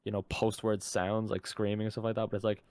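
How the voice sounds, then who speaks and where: A man's voice: lowish voice, level tone, fast talker, a little mellow, smooth. A young man co-hosting a podcast in casual chat, rambling with lots of "like" and swearing freely. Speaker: podcast co-host.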